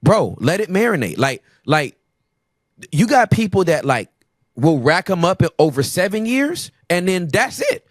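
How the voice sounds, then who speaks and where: A man's voice: sits high, very animated, measured pace, dry recording. Playful, emphatic man in a dry-sounding room. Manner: playful, emphatic talker who acts out voices. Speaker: podcast guest. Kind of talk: casual conversation.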